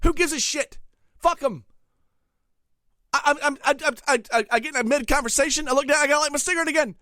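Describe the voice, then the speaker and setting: A man hosting a comedic rant, angry and swearing, dropping to mutters and then bursting into shouts. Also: extremely high pitch, fast talker, dry recording, studio quality. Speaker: comedic ranting host.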